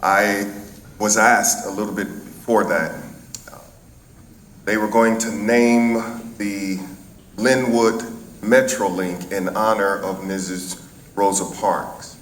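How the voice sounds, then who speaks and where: Middle-aged chaplain from st louis, low voice, easygoing storytelling, roomy hall. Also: male voice, steady tone, fairly bright tone, slight background noise. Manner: folksy, unhurried storytelling. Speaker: chaplain and speaker. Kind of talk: storytelling before a speech. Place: event hall. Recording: echoey hall, faint ambience.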